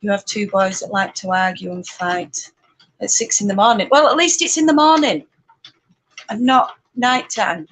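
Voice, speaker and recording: A woman with a Yorkshire accent chatting casually and rambling on a live stream, talking loudly over her spinning wheel and laughing often. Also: mid-range voice, normal speed, poor audio. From Yorkshire, England. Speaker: spinning channel host.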